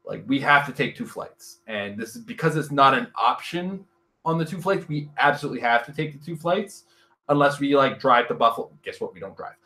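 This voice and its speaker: A Canadian man from Northern Ontario co-hosting a podcast, chatting casually with animated joking rants and frequent laughter. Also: medium pitch, a little fast. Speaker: podcast co-host. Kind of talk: casual chat.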